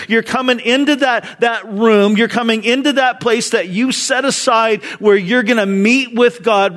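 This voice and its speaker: A middle-aged pastor preaches a sermon to his church in a high, slightly bright voice. His delivery is earnest and conversational, and he often repeats words as he goes.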